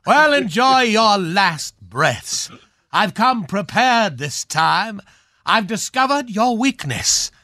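Actor playing a haughty aging matinee swordsman, high voice, slow, bright and grand. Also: very animated, dry recording, studio quality, heavily acted. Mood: theatrical menace. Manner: grand, theatrical, drawn-out delivery. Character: pompous aging knighted male film swashbuckler. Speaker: guest. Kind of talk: radio comedy character bit.

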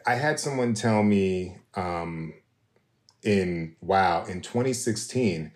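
A man hosting a conversational podcast interview, relaxed and dotted with fillers. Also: sits low, slow pace, roomy sound. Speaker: podcast host.

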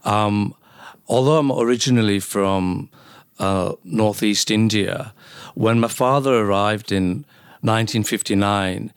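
A man's voice: lowish voice, a little slow, clean tone, no room sound, studio quality. A middle-aged man from the UK, a doctor guesting on a podcast, telling jokey anecdotes in casual interview chat. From UK, born in South Wales, raised in Leeds. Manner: chatty and jokey, tells anecdotes.

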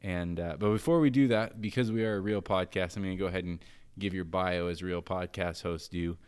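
An American man hosting a podcast, moving from an upbeat scripted intro into relaxed, joking banter with a guest. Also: low-pitched, fairly quick, clean tone. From United States. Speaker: podcast host. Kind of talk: casual podcast chat.

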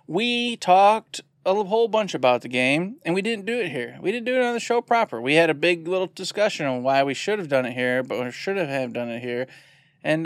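A man co-hosting a video game podcast in an animated, jokey way, laughing often. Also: fairly high pitch, dry recording, clean studio sound. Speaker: podcast co-host. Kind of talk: casual chat.

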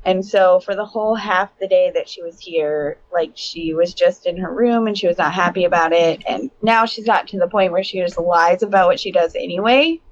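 A woman's voice: fairly low pitch, normal speed, hardly any pauses, a little hiss or hum. Dull-sounding woman telling home stories. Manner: candid storytelling, swears and laughs often. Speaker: podcast co-host. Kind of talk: casual chat.

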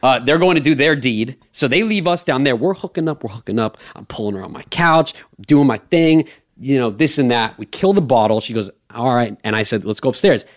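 A man's voice: mid-range voice, brisk. Profane young man telling a wild story. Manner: profane, rambling, animated storyteller. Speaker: podcast host. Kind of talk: casual storytelling chat.

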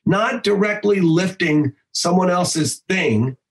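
A man who works as a voice actor and improv teacher, talking in a casual podcast interview in an animated way, swearing freely and slipping into quick voices. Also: sits high, low-quality recording.

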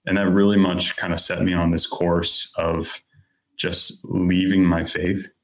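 A man's voice: low-pitched, little pitch movement, a little slow. A man in his thirties, a podcast guest, telling a personal story in an earnest, candid way, with plenty of "like" and "you know".

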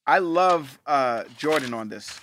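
High, bright-voiced laid-back man. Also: animated, slow pace, a little hiss or hum. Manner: laid-back, slangy, says "man" a lot. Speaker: podcast co-host. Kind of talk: casual chat.

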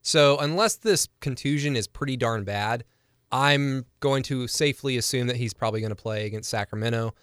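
A man's voice: medium pitch, normal speed, a bit bright, clear, resonant tone, dry recording, studio quality. A young man co-hosting a sports podcast, chatty and analytical in casual talk, laughing easily.

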